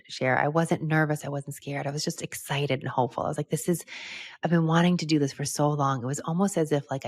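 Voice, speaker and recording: A woman's voice: rumbling low, gravelly, no echo, clean studio sound. A middle-aged woman hosting a podcast, telling a candid, reflective personal story and laughing now and then. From United States. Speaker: podcast host.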